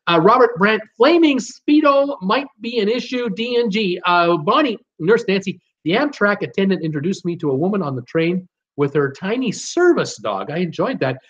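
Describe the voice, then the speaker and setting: A man's voice: high-pitched, lively intonation, normal speed, fairly bright tone, highs cut off. An older man hosting a live stream, chatting casually as he reads viewer comments aloud. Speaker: host of a live cruise Q&A stream.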